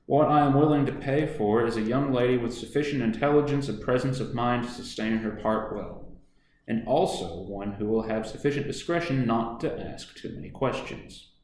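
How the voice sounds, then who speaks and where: A man voicing a smooth, scheming middle-aged businessman in a storybook reading, coaxing in manner. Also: mid-range voice, moderate pace, darkish tone, a little hiss or hum, close to an everyday voice. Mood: smooth persuasive. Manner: suave, coaxing, then menacing. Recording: echoey room.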